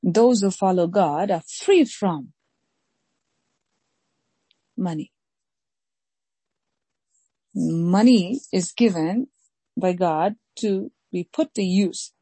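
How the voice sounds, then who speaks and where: A woman pastor preaching a sermon slowly and emphatically, repeating key phrases and reading scripture aloud. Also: lowish voice, mellow, slightly rough, no echo, rough recording. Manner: slow, emphatic preaching with deliberate repetition.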